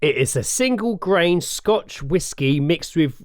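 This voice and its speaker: Man, podcast co-host, sweary rambling chat, animated pitch, tipsy, dry close sound. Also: slow pace, no echo. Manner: sweary, rambling, self-mocking. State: slightly tipsy from beer.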